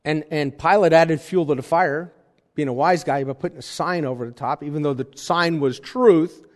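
A man preaching a sermon in a conversational style, with jokey asides and animated emphasis. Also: a little high, normal speed, in a large hall. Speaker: pastor.

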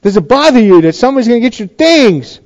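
A man's voice: extremely high pitch, very animated, fast talker, a little mellow, highs cut off. A male pastor giving a sermon in a chatty, conversational way, often restarting his sentences.

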